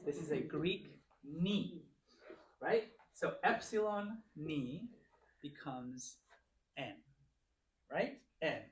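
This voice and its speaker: Brief: male teacher, patient and coaxing, lively pitch, echoey church room. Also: extremely slow, pauses often. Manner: patient, coaxing, calls on students. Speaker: Bible class teacher. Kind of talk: classroom teaching. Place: church classroom.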